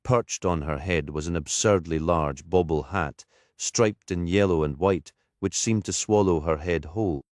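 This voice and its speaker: A man reading a crime novel aloud in steady, scripted audiobook narration. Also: low voice, unhurried, no echo, studio quality.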